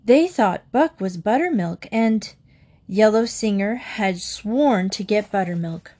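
Woman reading as a plucky young cowgirl, eager, urgent, raised pitch, storybook read-aloud. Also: lively intonation, slow, warm tone. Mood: shaken. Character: brave young cowgirl heroine.

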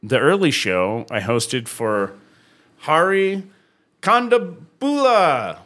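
A man's voice: fairly high pitch, sing-song, slow pace, bright, forceful tone. A man co-hosting a casual podcast, telling a story animatedly, swearing freely, acting out quotes and laughing often. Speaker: podcast co-host. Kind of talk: casual chat.

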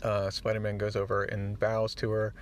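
Low-voiced man recapping a comic. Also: normal speed, a little hiss or hum. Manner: animated storyteller, acts out the dialogue; easily moved, gets choked up. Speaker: podcast host. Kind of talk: casual comic-book recap.

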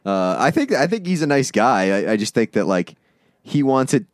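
A man's voice: mid-range voice, big pitch swings, normal speed, no room sound, clean studio sound. A man co-hosting a podcast in casual chat, laughing often and swearing casually as he tells stories. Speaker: podcast co-host.

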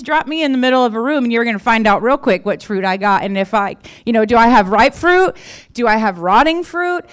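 A woman's voice: on the high side, expressive, a little fast, clean tone. A woman pastor giving a sermon in a conversational way, repeating key phrases for emphasis.

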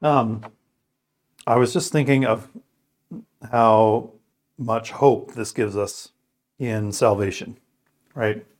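A man with a somewhat low voice who prays, reads scripture and reflects in an earnest, thoughtful way. He talks with pauses and restarts as he works through his thoughts. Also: steady tone, darkish tone. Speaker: co-host of a scripture podcast. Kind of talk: prayer, scripture reading and casual reflection.

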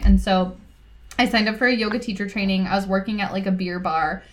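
A woman in her thirties tells stories as a podcast guest. She talks in an easygoing, animated way, with plenty of "like". Now and then she slips into other people's voices to act out what they said. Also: medium pitch, a little fast. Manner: animated, lots of "like", acts out quoted voices. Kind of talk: casual storytelling.

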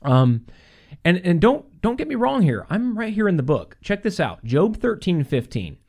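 Male podcast host, sermon-style delivery, very animated pitch, reads verses slowly, frequent laughs. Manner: animated, laughs often, repeats phrases for emphasis; reads scripture aloud slowly. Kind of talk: preaching-style podcast talk.

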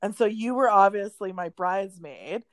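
A woman's voice: mid-range voice, moderate pace, no room sound. Chatty young woman telling a story. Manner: animated storytelling with frequent "like" and laughter. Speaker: podcast co-host. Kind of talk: casual podcast chat.

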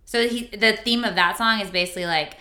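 A woman's voice: mid-range voice, fairly quick, bright, forceful tone, echoey room. A woman in her thirties co-hosting a podcast, chatting casually about songs and telling stories. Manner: chatty, storytelling, reads lyrics aloud. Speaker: podcast co-host.

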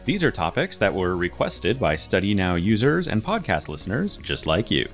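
Casting: American male host, low voice, friendly and curious. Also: very animated, moderate pace, soft background music. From United States. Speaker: podcast host. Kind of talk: casual podcast chat.

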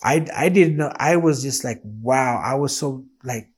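A man's voice: medium pitch, unhurried, slightly rough. A man telling his faith testimony in a casual, earnest and emotional way, acting out the dialogue he quotes.

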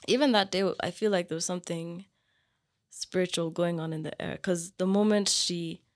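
Young woman telling stories. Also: fairly low pitch. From Kenya. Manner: animated storyteller, filler-heavy. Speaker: guest. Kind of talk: casual chat.

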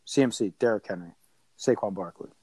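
A man hosting a casual sports podcast. He talks in an animated, opinionated way and laughs often. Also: on the low side, brisk, over a noisy crowd. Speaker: podcast host.

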